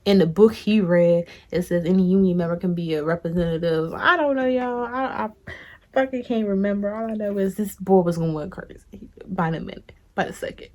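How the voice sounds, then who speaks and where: A young vlogger tells her viewers a casual storytime at a moderate pace, loose, animated, and chatty, as if talking to friends on camera. Her voice jumps high when she gets excited, and she swears without a second thought.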